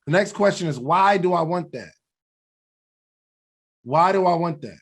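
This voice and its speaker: This co-host's voice is high-pitched and expressive, a little slow. On the podcast he gives motivational talk, thinking through goals earnestly and reflectively while laughing at himself now and then.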